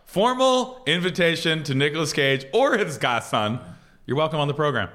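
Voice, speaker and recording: A man's voice: a little high, moderate pace. An American man co-hosting a podcast, joking in casual chat and slipping into silly voices. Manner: animated, jokey, puts on silly voices. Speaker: podcast co-host.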